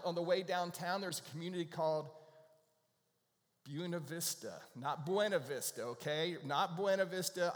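A man's voice: fairly high pitch, fairly bright tone. A middle-aged male pastor giving a casual, joking sermon to his congregation in a church. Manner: chatty, joking, playful. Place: church sanctuary. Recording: reverberant church hall.

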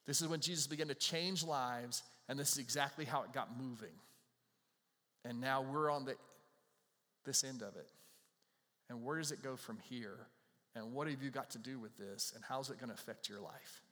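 A man's voice: medium pitch, moderate pace, sharp tone. Man preaching in an echoing hall. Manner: conversational preaching, paraphrasing scripture in everyday words. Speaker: pastor. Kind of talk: sermon.

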